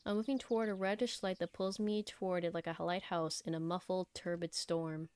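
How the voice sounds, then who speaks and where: A woman streamer reading a visual novel aloud, cutting in with blunt, animated reactions between calm passages. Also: fairly low pitch, a little fast, clear, resonant tone, no room sound.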